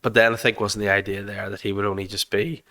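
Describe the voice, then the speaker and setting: A man guesting on a podcast, chatting casually and joking with quick banter. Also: on the low side, level tone, bright, forceful tone. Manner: joking, fond of mock voices and banter. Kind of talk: casual chat.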